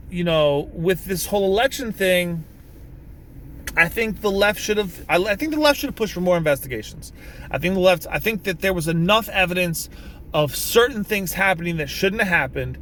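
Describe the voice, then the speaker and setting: A man's voice: high-pitched, a bit bright, slight background noise. A man ranting casually to camera in a vlog, rambling with many restarts, swearing and bursting out emphatically. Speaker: vlogger. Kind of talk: casual political rant to camera. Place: in a vehicle.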